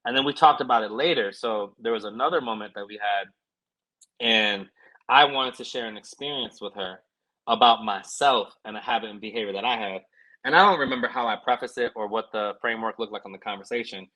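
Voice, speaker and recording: A man's voice: on the low side, fairly quick, pushed and bright, low-quality recording. A man co-hosting a podcast, telling a personal story in an earnest, reflective way with plenty of fillers. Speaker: podcast co-host. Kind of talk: casual podcast chat.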